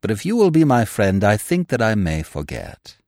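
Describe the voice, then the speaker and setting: A man voicing a suave, verbose young gentleman in a storybook reading, speaking in ornate, grave, mock-sincere sentences. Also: lowish voice, wildly swooping pitch, normal speed, gravelly, no room sound, studio quality, exaggerated voice. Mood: mock-solemn.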